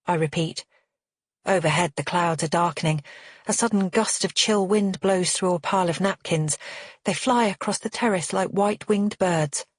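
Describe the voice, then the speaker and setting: A woman reading a first-person thriller audiobook in an even, measured way. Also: lowish voice, breathy edge, dry recording, studio quality. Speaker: audiobook narrator.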